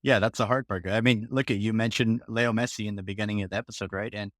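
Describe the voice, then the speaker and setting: Male podcast co-host, low pitch, relaxed and agreeable, dry recording. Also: quick pace, dry recording. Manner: relaxed, agreeable, uses fillers like "you know" and "like". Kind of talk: casual podcast talk.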